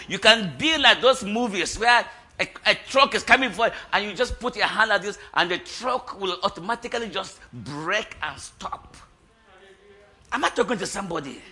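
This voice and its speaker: High, bright-voiced shouting preacher. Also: male voice, expressive, normal speed, breathy edge. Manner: rousing, bursts into shouts, asks the congregation questions. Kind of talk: charismatic sermon.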